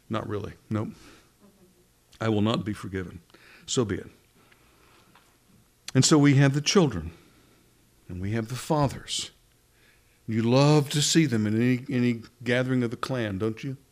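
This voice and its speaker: A middle-aged male preacher delivers a sermon with a conversational, questioning manner. His voice sits at an ordinary mid pitch for a man, neither deep nor high. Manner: conversational, asks the congregation questions.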